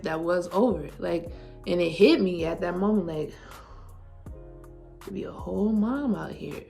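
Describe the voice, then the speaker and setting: This is a woman in her twenties with a lowish, darkish voice and noticeable vocal fry. Vlogging at home, she rambles through a personal story with real feeling, leaning heavily on "like".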